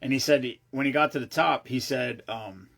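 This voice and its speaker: A man vlogging, telling a long rambling story in a casual, excitable way, swearing freely and often restarting his sentences. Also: mid-range voice, moderate pace, vocal fry.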